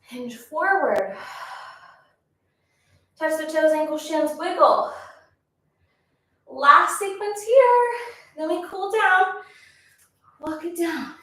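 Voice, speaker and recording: A very high, somewhat bright voice takes its time, leaving long pauses, as a woman leads a pilates session. She counts reps and gives encouraging cues, slightly breathless, with the mic distant and the room echoey.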